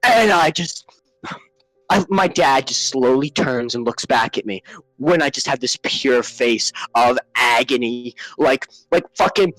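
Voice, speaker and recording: A man telling a comic story, profane and exaggerated, swinging from hushed murmurs to shouted rants. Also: a little high, no room sound, rough recording. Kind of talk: comedic storytelling.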